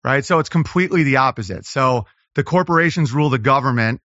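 A man, a comedian, talking casually as a podcast guest, rambling and riffing with quick impressions. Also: mid-range voice, expressive, a bit bright, dry recording, highs cut off. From Los Angeles.

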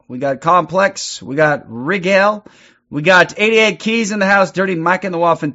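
A man's voice: a little high, fairly bright tone, highs cut off. A man hosting a livestream in casual chat, upbeat and greeting viewers one after another. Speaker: livestream host.

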